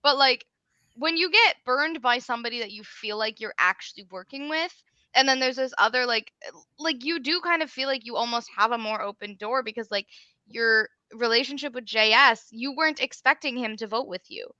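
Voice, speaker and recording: A woman's voice: a little high, normal speed, pushed and bright, no room sound. A woman guest on a live discussion show, giving her opinions with enthusiasm in casual chat. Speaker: guest panelist. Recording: dull lo-fi audio.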